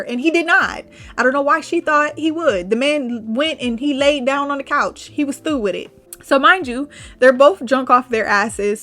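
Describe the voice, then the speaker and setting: A young woman with a bright, forceful voice, pitched a little high, tells a personal story straight into the mic for her podcast. She talks candidly, slips into the voices of the people she quotes, and laughs through the dark parts. Faint music plays underneath. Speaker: podcast host.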